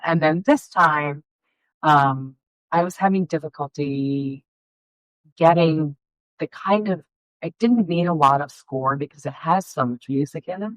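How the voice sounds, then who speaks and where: Middle-aged woman, low voice, dry close sound, rambling animated storytelling, filmmaker guest. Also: no room sound, low-quality recording. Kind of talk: casual interview chat.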